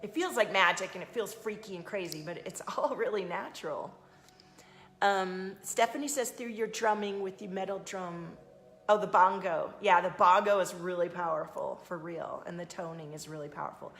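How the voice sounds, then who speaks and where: A woman spiritual coach hosting a live stream, talking casually to viewers and greeting them by name in a soft, soothing way. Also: lowish voice, normal speed, roomy sound. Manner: chatty, addresses viewers by name.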